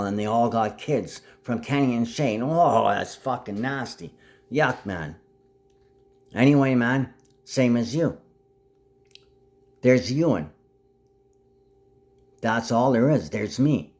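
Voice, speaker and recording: A man delivering a rambling monologue to camera, full of restarts, swinging from low grumbling to sudden high outbursts. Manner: frequent restarts and half-finished sentences. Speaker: vlogger.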